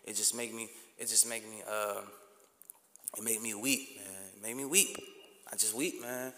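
A man's voice: fairly low pitch, fairly even intonation, normal speed, pushed and bright, a little hiss or hum. A man hosting a podcast, delivering a blunt, impassioned rant full of street slang. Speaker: podcast host. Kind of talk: impassioned monologue. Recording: echoey room with long reverb.

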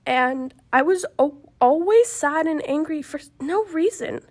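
A young woman telling a personal story in a casual chat, emotional and halting, with many fillers. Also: high voice, lively intonation, a little mellow. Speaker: guest.

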